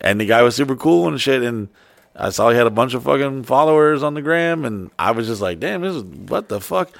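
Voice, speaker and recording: A man chats on a podcast in a loose, foul-mouthed way, slipping into put-on voices as he tells his stories. His voice sits at an ordinary pitch. The recording is dry and close, with no room sound. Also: a little fast, gravelly, no room sound. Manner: profane, animated storytelling with put-on voices. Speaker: podcast co-host. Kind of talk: casual chat.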